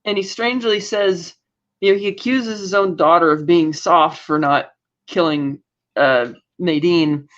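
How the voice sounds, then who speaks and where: A woman with a lowish voice co-hosts a podcast, recapping a TV episode casually at a measured pace. She acts out lines from the scenes, and the audio is dull and lo-fi.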